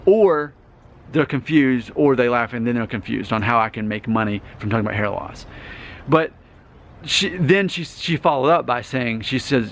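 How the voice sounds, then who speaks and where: A man's voice: mid-range voice, animated, normal speed, a bit bright, slight background noise. Chatty self-assured man in his thirties. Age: 30s. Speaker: vlogger. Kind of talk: casual talking-head vlog.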